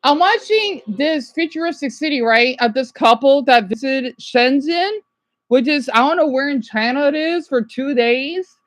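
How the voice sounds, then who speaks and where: A woman's voice: sits high, expressive, normal speed, no echo. A woman streaming casually, rambling and chatting to viewers by name as she reacts to a video. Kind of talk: casual live-stream chat.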